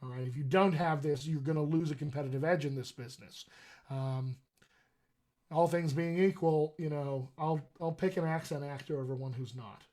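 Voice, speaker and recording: A man's voice: a little high, steady tone, normal speed, a little mellow. A middle-aged man coaching actors on accents in a live question-and-answer session, chatty and enthusiastic. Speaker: dialect coach.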